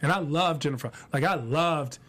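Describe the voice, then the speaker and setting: A man's voice: a little high, normal speed, fairly bright tone. Emphatic man co-hosting a chat. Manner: emphatic, repeats for stress. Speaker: podcast co-host. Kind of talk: casual opinion talk.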